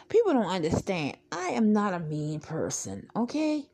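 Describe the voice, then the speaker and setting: A woman hosts a casual podcast monologue in a fairly low, sing-song voice that's unhurried, warm, and slightly rough. Speaking straight to her listeners, she rambles in a blunt, outspoken way and swears freely.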